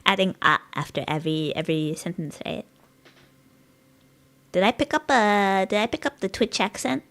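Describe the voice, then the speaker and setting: A woman's voice: medium pitch, expressive, moderate pace, a bit bright. A woman streaming live, rambling in casual chat with her viewers and giggling often, her voice a bit strained. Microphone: dynamic studio mic.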